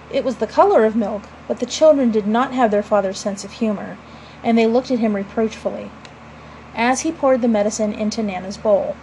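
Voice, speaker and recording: A woman narrating a classic storybook aloud in a measured, expressive way. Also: a little high, a little hiss or hum, rough recording.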